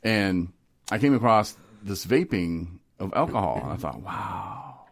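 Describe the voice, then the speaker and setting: Deep-voiced man hosting a casual chat. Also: normal speed. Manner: animated storyteller who laughs and slips into voices. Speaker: podcast host. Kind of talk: casual recovery podcast chat.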